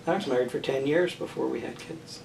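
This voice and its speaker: An older man answers interview questions about family and marriage in a measured, halting way, often pausing and restarting his sentences. He is heard from some distance in a roomy space. A faint background hiss sits under the voice. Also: mid-range voice, vocal fry, darkish tone. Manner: thoughtful, halting, many fillers and restarts. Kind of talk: oral history interview.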